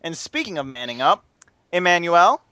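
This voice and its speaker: A man's voice: on the high side, very animated, normal speed, sharp tone, clean tone, no room sound, muffled recording. A man hosting a podcast, telling a vulgar story in a rambling way and laughing at his own jokes. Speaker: podcast host. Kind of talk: vulgar storytelling between drinking shots.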